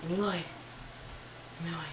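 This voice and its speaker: A young woman telling a casual storytime on her vlog, chatty and animated, full of slang. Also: on the low side, moderate pace, roomy sound, noisy background. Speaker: vlogger.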